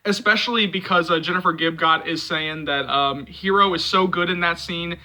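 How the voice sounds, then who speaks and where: A man hosting a movie fan channel, reading a book excerpt aloud and then chatting casually about it in an animated way. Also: a little high, moderate pace, rough recording. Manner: animated, expressive.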